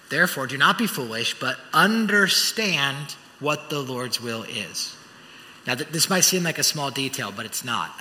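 A man preaching a sermon as pastor, telling stories with animated, acted-out voices. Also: medium pitch. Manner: animated storytelling, acts out voices. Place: church auditorium. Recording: church hall reverb.

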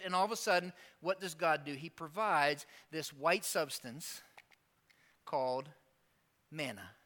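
Male pastor, animated sermon delivery, high and bright. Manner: animated, acts out Bible characters in quick asides.

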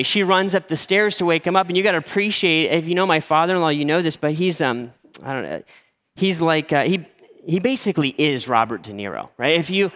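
A man in his forties tells a story from the pulpit, acting out the people in it with shifts of voice. His voice sits a little high. A long reverb trails his words through a large hall. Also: expressive, a little fast, a bit bright, slight background noise. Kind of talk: sermon story.

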